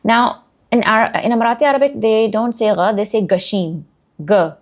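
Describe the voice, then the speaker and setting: A woman who also speaks Urdu giving a casual, chatty language lesson, repeating words slowly and joking about herself. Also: a little high. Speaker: language learner teaching vocabulary.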